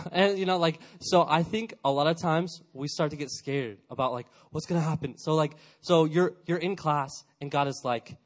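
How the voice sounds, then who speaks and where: A young man in his twenties giving a casual, energetic youth sermon, chatty and full of fillers, acting out little quotes. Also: on the high side, moderate pace. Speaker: youth pastor.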